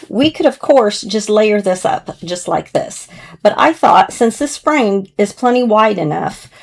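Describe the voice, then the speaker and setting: A woman talks through a card-making demo in an easy, chatty way, a touch hoarse. Her voice sits at a middling pitch and stays gentle and conversational as she works. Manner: chatty, gentle, talks while working with hands. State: slightly hoarse, clearing throat. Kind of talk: casual crafting tutorial narration.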